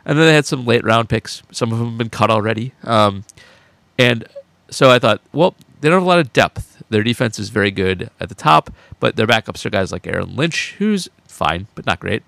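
A man co-hosts a casual sports podcast with a gravelly, lively voice. He is chatty and gleeful and laughs often. The sound is dry and close. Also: lowish voice, moderate pace, no echo. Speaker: podcast co-host, football writer.

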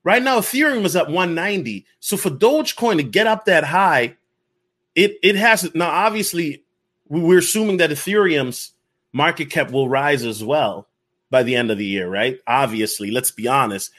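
Reaction-channel host, man, animated slang talker, somewhat high voice. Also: moderate pace. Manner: animated, slangy, repeats himself, calls others dog. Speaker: crypto YouTuber reacting to a video. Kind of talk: casual reaction commentary.

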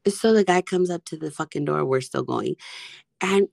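A woman co-hosting a podcast, telling a crude story in casual chat with lots of swearing and a hoarse voice. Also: sits low, normal speed, a little mellow, dry recording, clean studio sound. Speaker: podcast co-host.

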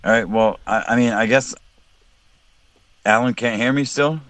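A man's voice: medium pitch, moderate pace, a bit bright, no room sound, rough recording. A man from South Texas, a guest on a casual podcast call, chatty and joking, often restarting his sentences.

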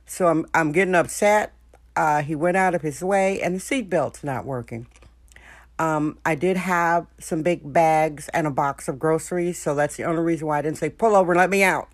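A woman's voice: sits low, moderate pace, no room sound. A woman hosting a podcast, telling a story in a chatty, frank way and talking straight to her listeners. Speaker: podcast host. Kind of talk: casual storytelling monologue. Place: San Francisco.

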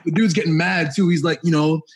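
Excitable male podcaster, slightly high voice, loose storytelling. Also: a little fast, over a noisy crowd. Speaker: podcast co-host. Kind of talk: casual chat. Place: home studio.

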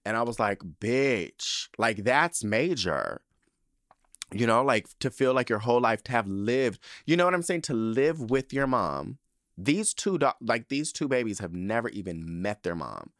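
A young man hosting a podcast in casual chat, sassy and animated, swearing often and getting choked up. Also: medium pitch, a little slow, no room sound, studio quality. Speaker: podcast host.

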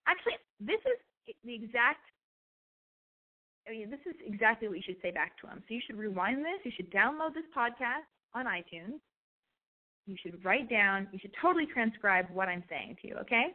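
A woman's voice: a little high, lively intonation, fairly quick. An American woman hosting an advice podcast, chatty and blunt, swearing freely and acting out bits of dialogue. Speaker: podcast host giving advice. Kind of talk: casual advice chat. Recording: tinny phone-like audio.

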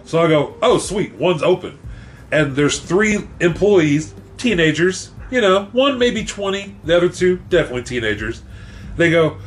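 A man's voice: on the high side, expressive, normal speed, a little hiss or hum. A middle-aged man in casual chat, telling stories animatedly and acting out both sides of the exchange.

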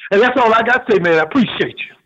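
Older man caller, folksy, humorous storyteller, high voice, muffled line. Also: lively intonation, rapid-fire, fairly bright tone. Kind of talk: call-in storytelling. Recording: muffled phone call.

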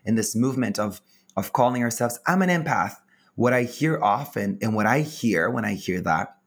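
A man hosts a spiritual podcast in an effusive, heartfelt way. His voice sits somewhat low, and he often stumbles and restarts his sentences. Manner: effusive, earnest, halting with restarts. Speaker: podcast host. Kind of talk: warm spiritual podcast chat.

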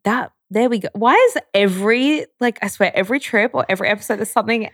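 A woman's voice: mid-range voice, fast talker, no echo, studio quality. A young woman co-hosting a casual chat, candid and talkative, filling her speech with "like". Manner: chatty, frequent "like" fillers, candid. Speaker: podcast co-host.

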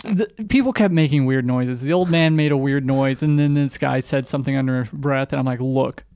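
A man's voice: mid-range voice, a little fast, darkish tone, smooth, no echo, clean studio sound. Laughing self-deprecating comedian man. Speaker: comedian guest. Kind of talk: casual podcast chat.

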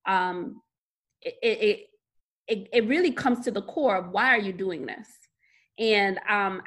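A woman's voice: medium pitch, fairly bright tone. A woman guesting on a podcast as a financial coach, telling stories animatedly and repeating words for emphasis. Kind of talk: casual podcast interview.

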